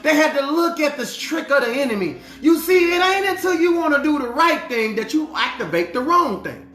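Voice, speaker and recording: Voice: sits high, sing-song, normal speed, fairly bright tone. A preacher and life coach giving a motivational sermon in an emphatic, colloquial style, driving points home with repeated refrains. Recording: roomy echo.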